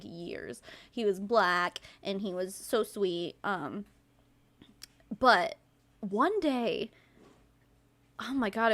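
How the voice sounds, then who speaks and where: A woman host giving casual commentary and telling stories, sarcastic and animated, swearing freely. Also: medium pitch.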